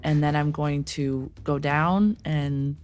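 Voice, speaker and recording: A woman playing in an online tabletop game, describing her moves slowly and hesitantly. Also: sits low, steady tone, darkish tone, faint music behind. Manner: slow and hesitant, many fillers. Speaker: player. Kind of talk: tabletop game play over voice chat.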